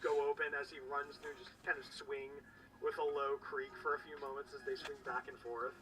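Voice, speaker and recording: A game master narrating a tabletop game, animated and full of fillers. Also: mid-range voice, a little fast, noisy background. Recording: distant mic with faint background music.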